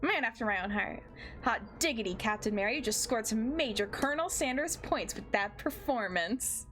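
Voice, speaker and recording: A woman's voice: fairly high pitch, expressive, moderate pace, fairly bright tone, faint music behind. A woman voicing an older male fried-chicken chef in a dating game, with a folksy drawl and howdy-style greetings. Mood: charming.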